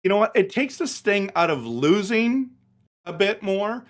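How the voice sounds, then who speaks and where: Guy, middle-aged, fired up ranting about hockey, pretty high voice. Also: measured pace. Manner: passionate, ranting, animated. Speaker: hockey show host. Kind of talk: casual sports chat.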